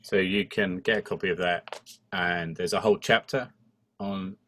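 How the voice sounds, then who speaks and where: Deep-voiced man hosting a church session. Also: fairly even intonation, moderate pace, fairly bright tone, slight background noise. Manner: chatty, with playful asides. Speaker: host of an online church ministry session. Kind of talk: casual chat.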